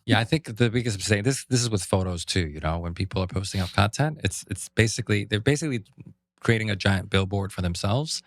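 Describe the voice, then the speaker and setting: A man co-hosting a podcast, telling stories in an animated way and acting out what others said. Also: on the low side, fast, no room sound, studio quality. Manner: animated storyteller, acts out quotes. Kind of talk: casual podcast conversation.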